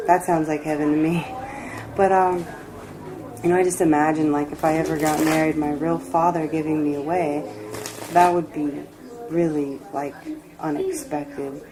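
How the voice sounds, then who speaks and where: A woman giving a personal tarot reading, reflective and emotional, rambling with pauses. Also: low voice, rough recording. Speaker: tarot reader.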